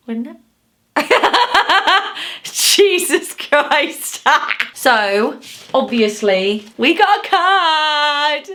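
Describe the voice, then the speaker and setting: A woman talks casually to her viewers from her home studio. Her voice sits fairly low but swings widely in pitch as she chats, laughing often and slipping into quiet asides. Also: creaky. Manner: chatty and expressive, laughs often, drops to asides. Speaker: artist and channel host. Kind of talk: casual vlog chat to subscribers.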